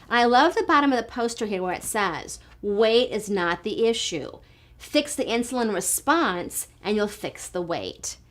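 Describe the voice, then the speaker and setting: Upbeat chatty woman in her fifties. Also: medium pitch. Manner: enthusiastic, chatty storyteller. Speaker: hormone therapy clinic owner and educator. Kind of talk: direct-to-camera talk.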